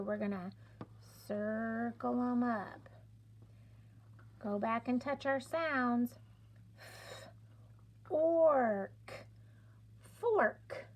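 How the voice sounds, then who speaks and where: A middle-aged woman teaching phonics at a very unhurried pace, sounding out each letter with care. Her voice sits a little high, with a gravelly, slightly husky edge. She speaks in a patient, encouraging teacher manner. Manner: sounds out letters and stretches words clearly, encouraging. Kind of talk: slow, deliberate classroom instruction.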